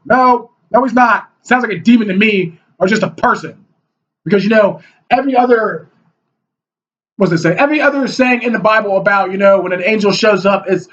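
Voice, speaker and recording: A man with a very high voice rants on camera, heated and scornful, mocking the people he argues against. The recording is dull and lo-fi, with the top end rolled off. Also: brisk, a bit bright. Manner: heated and mocking, mimics opponents in whiny voices. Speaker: video blogger. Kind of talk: ranting monologue.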